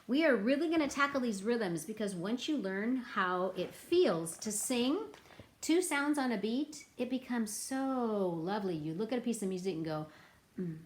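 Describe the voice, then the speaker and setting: A woman teaching a children's music lesson, playful and animated with a sing-song delivery. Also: medium pitch.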